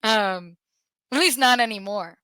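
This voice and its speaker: A woman's voice: a little high, a little slow, bright, forceful tone, smooth, no echo. A woman hosting a podcast in casual talk, earnest, with nervous laughs and frequent restarts. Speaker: podcast host.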